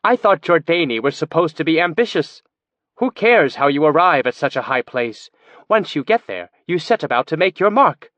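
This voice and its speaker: A man voicing a playful young woman, a natural mimic and former traveling entertainer, lively and teasing. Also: on the high side, dry recording, lo-fi sound, pitched above the performer's own voice. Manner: lively, quick-shifting, teasing.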